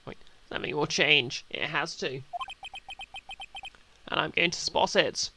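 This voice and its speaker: A man streaming a video game, reading its dialogue aloud with emphatic, lively energy. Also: a little high, unhurried, long pauses, noisy background. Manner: lively, reads the defense lines with emphatic energy. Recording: game music behind.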